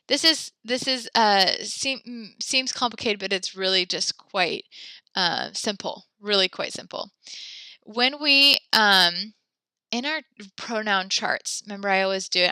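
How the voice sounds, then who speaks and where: A woman's voice: mid-range voice, measured pace, sharp tone, clear, resonant tone, no room sound. A woman teaching a French class from home, upbeat and chatty as she spells out verb endings letter by letter for her students. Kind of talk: online class lesson.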